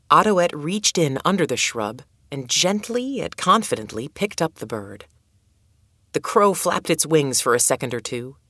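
A woman reading a children's storybook aloud in a calm, measured way. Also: low-pitched, no room sound, studio quality. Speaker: narrator.

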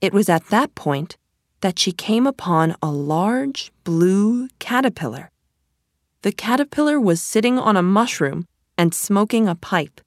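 A woman reading a children's story aloud in a gentle, deliberate storytelling manner. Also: medium pitch, expressive, no echo, studio quality. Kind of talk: slow storybook narration.

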